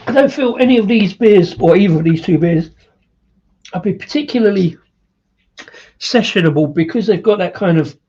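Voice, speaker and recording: A man's voice: fairly high pitch, highs cut off. A man hosting a casual live-stream beer review, rambling with lots of fillers and chuckles. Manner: rambling, with many fillers and laughs.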